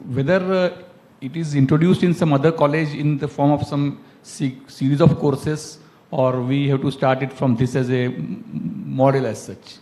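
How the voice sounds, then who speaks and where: A man in the audience asking a hesitant, halting question. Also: mid-range voice, fairly even intonation, mellow.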